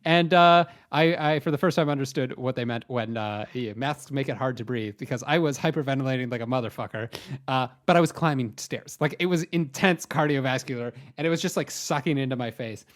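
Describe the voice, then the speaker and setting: A man's voice: mid-range voice, brisk. A young man co-hosting a podcast, telling a self-deprecating story in a rambling, hesitant way. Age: young adult. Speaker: podcast co-host. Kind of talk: casual comedic storytelling.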